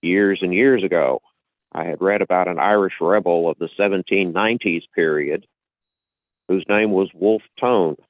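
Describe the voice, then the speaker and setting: A podcast host with a deep voice explains things at length in a casual, lecturing manner, often restarting sentences and repeating himself at a moderate pace. The sound is dry with no room tone, over a tinny, phone-like line.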